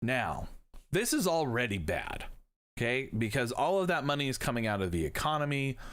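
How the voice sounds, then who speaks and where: A man's voice: medium pitch, very animated, normal speed, fairly bright tone. A man teaching history on a live stream, talking in a casual, jokey way and swearing now and then. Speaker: history professor.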